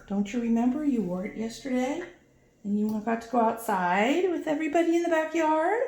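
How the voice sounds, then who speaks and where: A woman's voice: very animated, normal speed, a little mellow. Sing-song woman coaxing her pet bird. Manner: coaxing sing-song baby talk with sudden high squeaks. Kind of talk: baby talk to a pet. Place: room at home. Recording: echoey home room, faint noise.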